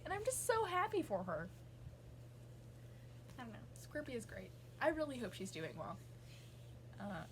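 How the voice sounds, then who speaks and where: A woman's voice: fairly high pitch, pushed and bright, a little hiss or hum. A young woman, rambling casually as a vlogger with lots of fillers and asides. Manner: rambling, gushing, many fillers. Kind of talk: casual chat.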